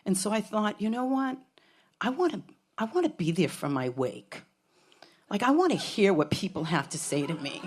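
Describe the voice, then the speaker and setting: A woman's voice: mid-range voice, sing-song, moderate pace, darkish tone, slightly rough. A middle-aged woman telling a frank, comic personal story on stage, swearing freely. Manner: frank, profane, comic, with laughs from a crowd.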